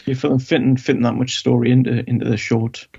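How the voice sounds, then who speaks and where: A man's voice: medium pitch, flat delivery, fast, gravelly, highs cut off, a crowd in the background. A man in casual podcast chat, hesitant and full of fillers. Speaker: podcast guest.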